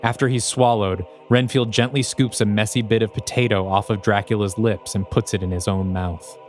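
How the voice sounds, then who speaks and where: A man co-hosting a podcast, reading aloud a screenplay he wrote in steady, descriptive narration. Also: on the low side, moderate pace, faint music behind. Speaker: podcast co-host.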